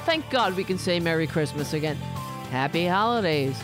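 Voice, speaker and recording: A woman's voice: lowish voice, expressive, normal speed, over music. A woman hosting a political commentary podcast, talking in a sarcastic, mocking way. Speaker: podcast host.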